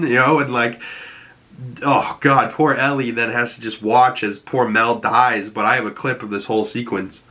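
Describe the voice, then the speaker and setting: Excitable Boston man recapping a show. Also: medium pitch, normal speed. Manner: excitable, rambling, animated retelling. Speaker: TV show reviewer. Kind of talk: casual recap vlog.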